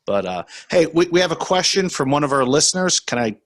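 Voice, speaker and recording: A man hosting a podcast, relaxed and a little hesitant as he reads a listener question. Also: on the high side, a little fast, no room sound, studio quality. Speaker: podcast host. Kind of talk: casual podcast chat.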